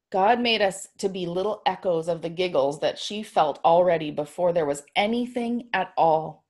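A woman reading a story aloud in a measured storytelling manner. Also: on the low side, a little mellow.

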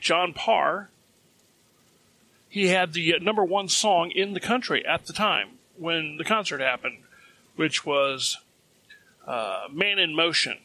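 Bright-voiced storytelling man. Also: a little high. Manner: chatty, self-amused, chuckles at his own jokes. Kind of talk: casual storytelling.

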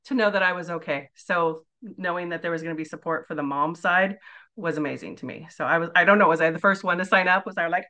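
A woman's voice: lowish voice, quick pace, sharp tone. A woman in her forties, a podcast guest chatting casually and telling her story with lots of filler words. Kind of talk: casual interview chat.

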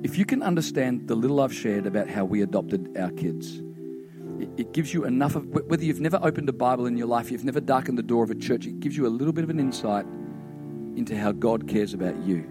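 A man, a pastor giving a sermon with personal stories, talking conversationally and turning hushed toward the close. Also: mid-range voice, expressive, quick pace, music in the background.

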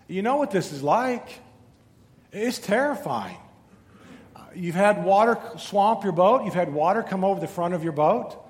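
A middle-aged man preaching a sermon to his church, swinging between loud urgent lines and hushed asides. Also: sits high, in a large hall. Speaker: pastor. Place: church sanctuary.

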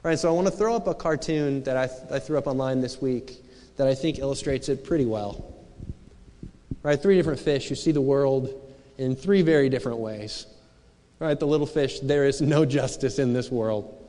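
A man's voice: medium pitch, brisk, warm tone. A man preaching a sermon as pastor, talking in a conversational, searching way full of rhetorical questions. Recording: long hall reverb.

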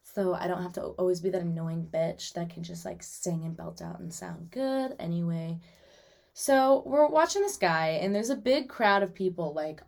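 A woman's voice: fairly low pitch, creaky. Chatty young woman hosting a solo podcast. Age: young adult. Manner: chatty and animated, lots of "like" and asides. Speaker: podcast host. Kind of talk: casual solo podcast chat.

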